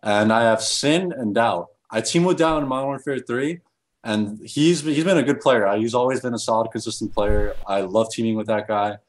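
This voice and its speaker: A man's voice: mid-range voice, normal speed. A man answering interview questions as a professional gamer, hesitant and full of restarts.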